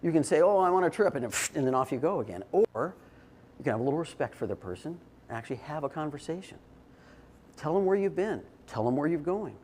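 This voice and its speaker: A man's voice: a little high, animated, fast, a little mellow, a little hiss or hum. An older man giving a short, informal talk to an audience, telling stories in a conversational way with restarts and fillers. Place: indoor event space.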